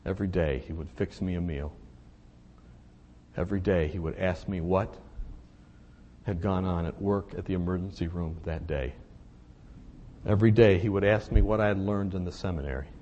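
A man preaching a sermon, telling a personal story in a confessional way that moves between hushed and emphatic. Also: deep voice, moderate pace, pauses often, lo-fi sound, slight background noise.

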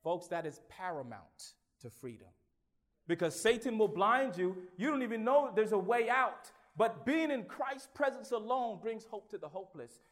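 High-voiced male preacher sharing his testimony, drops to a hush, then rises to loud exclamations, halting and repetitive. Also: animated. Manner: swings from hushed, halting recollection to loud exclamations; stammers and repeats words. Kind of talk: sermon with personal testimony.

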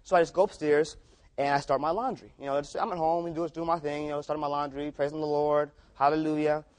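A man's voice: fairly high pitch, steady tone, quick pace, a little mellow. A man preaching a sermon through casual, repetitive stories. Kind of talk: storytelling sermon.

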